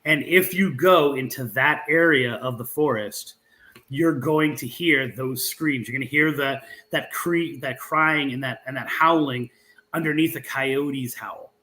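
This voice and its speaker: A man's voice: medium pitch, measured pace, rough recording. A man, a guest author and researcher, telling a local legend in an interview with restarts and fillers as he goes. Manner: animated storyteller with frequent restarts and fillers.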